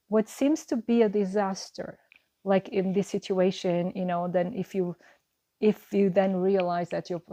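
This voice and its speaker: A woman's voice: medium pitch, mellow. Woman giving a reassuring tarot reading. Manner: earnest, reassuring, musing with repeated phrases. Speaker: tarot card reader. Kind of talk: tarot reading monologue to camera.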